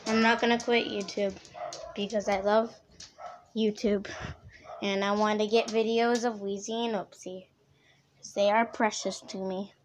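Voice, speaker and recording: A woman's voice: medium pitch, flat delivery, unhurried, pauses often, slight background noise. A young woman vlogging at her grandmother's home, talking to the dogs in a fond, baby-talk way. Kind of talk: casual vlog talking to pets.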